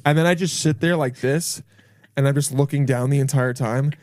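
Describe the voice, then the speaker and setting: A man's voice: mid-range voice, normal speed, noisy background. A man in casual comedic chat, telling a story with acted-out quotes and frequent laughs. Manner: animated storytelling, acts out quotes, laughs often.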